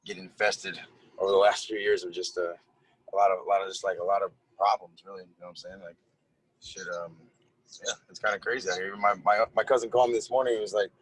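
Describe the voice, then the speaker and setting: A man's voice: deep voice, steady tone, fast, husky, poor audio. A young man from California, a music producer, chatting casually as a podcast guest and telling loose stories full of slang and laughter. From Merced, California. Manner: laid-back, loose storytelling with frequent laughs and slang. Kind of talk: casual chat.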